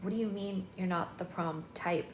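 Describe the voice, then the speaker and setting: A woman's voice: fairly low pitch, moderate pace, a little hiss or hum, natural voice. A woman reading the lines of a dramatic, emotional teenage girl in an echoey room, indignant and pleading.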